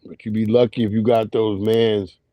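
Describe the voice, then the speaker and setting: A man's voice: fairly low pitch, level tone, normal speed, dark tone, no room sound. A man hosting a livestream, swearing freely and laughing as he tells stories and greets his chat. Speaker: livestream host.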